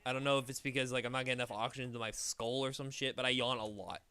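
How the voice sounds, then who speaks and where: Young male streamer, bright and crisp, dry close mic, rambling, profane and animated. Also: medium pitch, very fast, dry recording. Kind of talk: casual gaming chat.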